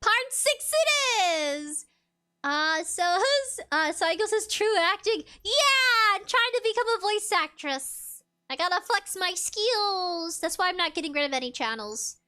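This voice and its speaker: A woman's voice: extremely high pitch, expressive, measured pace, bright, forceful tone. A young woman streaming a game, chatting casually and giggling as she reads chat aloud.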